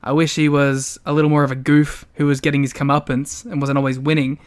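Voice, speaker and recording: A man's voice: fairly high pitch, flat delivery, brisk, clean tone. A man co-hosting a podcast, chatting casually in a jokey way and laughing often. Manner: jokey, laughs often, does silly voices. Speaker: podcast co-host. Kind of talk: casual chat.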